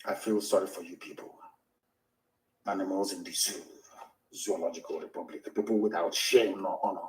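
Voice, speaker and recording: A man's voice: sits low, steady tone, normal speed, darkish tone, roomy sound, a little hiss or hum, rough recording. A man with a Nigerian English accent giving an impassioned, scornful political speech full of insults and rhetorical questions. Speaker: activist speaker.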